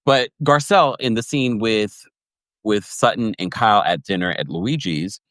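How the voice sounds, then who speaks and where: A man hosting a livestream podcast recap, chatty and animated, laughing often and reading viewers' comments. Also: on the low side, normal speed, dry recording. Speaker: podcast host recapping reality TV.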